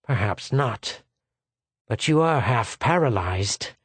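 A man's voice: animated, takes it slowly, slightly rough, no echo. A man reading aloud, voicing a bitter, cornered male secretary who speaks shrilly. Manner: shrill, bitter, passion-choked.

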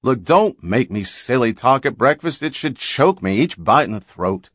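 A man's voice: medium pitch, very animated, normal speed, fairly bright tone, no echo, studio quality, pitched above the performer's own voice. A man voicing a plump, fussy, good-natured older man in an audiobook, blustering in homely folksy talk. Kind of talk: audiobook character reading.

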